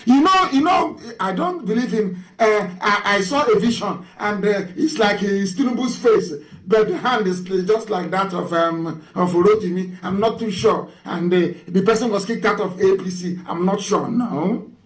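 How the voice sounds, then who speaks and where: Fiery, high-pitched Nigerian man ranting. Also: moderate pace, few pauses, a little hiss or hum, low-quality recording. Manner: fiery, mocking rhetorical questions. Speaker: radio broadcaster. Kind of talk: impassioned radio address.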